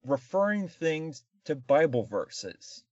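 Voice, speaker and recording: A man's voice: on the high side, very animated, slow pace, dry recording. Podcast co-host, male, sarcastic and rambling, lo-fi dry recording. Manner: rambling, sarcastic, many fillers. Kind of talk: casual comedic film review chat.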